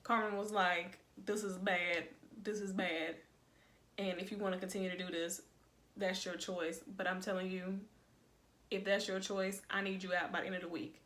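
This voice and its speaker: A woman's voice: mid-range voice, little pitch movement, normal speed, a bit bright, a little hiss or hum. Young woman, sassy, colloquial recap host with a casual chatty delivery. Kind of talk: casual video review.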